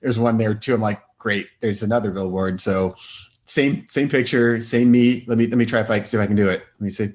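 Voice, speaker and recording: A middle-aged doctor appears as a podcast guest, telling stories in casual chat and acting out quotes with laughs. He is an animated storyteller with a fairly low voice and a slightly fast pace.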